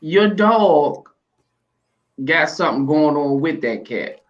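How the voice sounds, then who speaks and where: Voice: medium pitch, expressive, slow pace, lo-fi sound. A podcast co-host chiming in with laid-back, profane banter. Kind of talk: casual chat.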